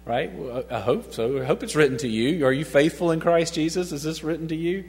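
A man's voice: fairly high pitch, a little fast, darkish tone. A middle-aged man teaching a casual Bible study, chatty, chuckling often and asking his listeners questions. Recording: long reverb.

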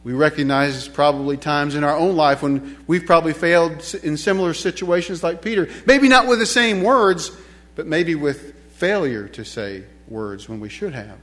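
High-voiced emphatic male preacher. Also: lively intonation, normal speed, fairly bright tone. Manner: emphatic, repeats key phrases, asks rhetorical questions. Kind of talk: sermon. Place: church.

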